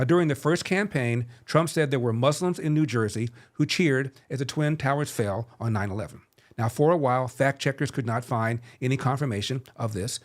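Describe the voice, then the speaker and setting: A man in his seventies hosting a podcast, telling a story and giving political commentary in a sardonic, measured way. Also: medium pitch. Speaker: podcast host.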